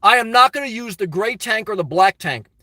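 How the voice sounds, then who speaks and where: A man hosting a casual livestream, reading viewer chat aloud in a crude, rambling way and breaking into loud, excited rants. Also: high-pitched, a little fast, no room sound, studio quality.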